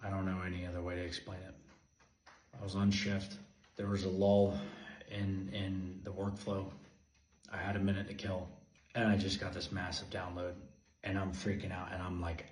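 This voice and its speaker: A man telling a personal story in an intense, repetitive way, moving from urgent emphasis to a hushed voice. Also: deep voice, little pitch movement, normal speed. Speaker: video host. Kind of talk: emotional personal monologue. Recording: echoey room with faint ambient noise.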